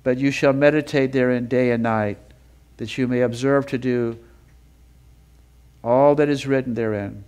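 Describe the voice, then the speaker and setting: A man teaching a sermon with feeling, building up with repeated phrases and reading scripture in a slower, lower voice. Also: fairly even intonation, darkish tone, clean tone. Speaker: Bible teacher.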